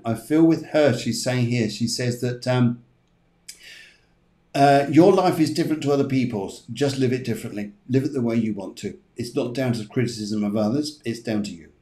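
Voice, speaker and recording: A man hosts a live spiritual reading show, passing on messages in a chatty, reassuring manner. His voice sits at a middle pitch. The room around him is roomy and echoey. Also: warm tone. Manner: chatty, reassuring, gives readings in quick runs. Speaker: psychic medium host.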